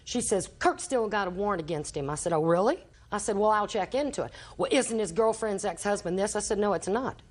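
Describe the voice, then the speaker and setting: A woman's voice: mid-range voice, animated, fairly quick, hardly any pauses. Older grandmother rambling through testimony. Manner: rambling storytelling, acting out quoted dialogue. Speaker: litigant, grandmother. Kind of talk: courtroom testimony. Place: TV courtroom.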